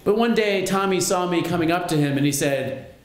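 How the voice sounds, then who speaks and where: A man telling a personal story on stage at a live storytelling show, wry and lively. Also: high voice, a little fast, roomy sound. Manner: wry, lively, self-mocking.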